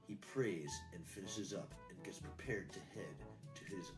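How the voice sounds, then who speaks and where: A man's voice: low voice, normal speed, distant mic, music in the background, rough recording. Young man reading aloud from off-mic. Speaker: friend reading a fan fiction aloud.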